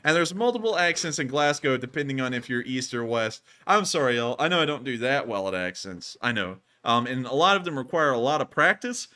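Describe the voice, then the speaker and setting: A man hosting a casual live stream, animated and quick to laugh. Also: mid-range voice. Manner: animated, laughs often, says y'all. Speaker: host.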